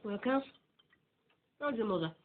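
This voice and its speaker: An actor playing a mocking, sneering bully of an apprentice, on a tinny old film soundtrack. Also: male voice, high voice, animated, measured pace, a little hiss or hum. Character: taunting bullying teenage apprentice.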